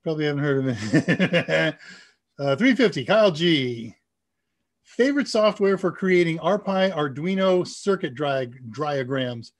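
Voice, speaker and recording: Nasal midwest guy hosting a live q&a stream, kinda high voice, chatty and excited about tech stuff. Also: measured pace. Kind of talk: casual live Q&A chat.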